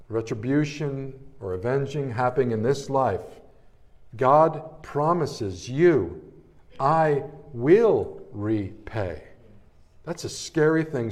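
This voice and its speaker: A middle-aged man preaching a sermon, telling stories from his ministry and swinging between hushed passages and loud, excited ones. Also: mid-range voice. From New Jersey area, Italian-American family. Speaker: pastor. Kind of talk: sermon with personal storytelling.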